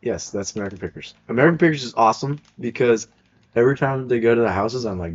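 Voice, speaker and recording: A young man co-hosting a podcast in casual banter, jokey and quick to laugh. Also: mid-range voice. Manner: jokey, laughs often, animated. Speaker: podcast co-host. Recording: dull lo-fi sound.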